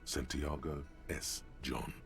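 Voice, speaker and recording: A man voicing the gravelly, portentous inner narrator of a detective video game. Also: rumbling low, level tone, faint music behind, full character voice. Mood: solemn. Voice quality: gravelly, slow, portentous delivery.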